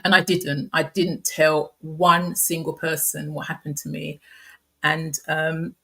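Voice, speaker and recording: Low-voiced woman telling a painful story. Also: little pitch movement, vocal fry, breathy edge. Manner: soft, halting, frequent restarts and fillers. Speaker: guest sharing a personal story. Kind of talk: candid personal storytelling.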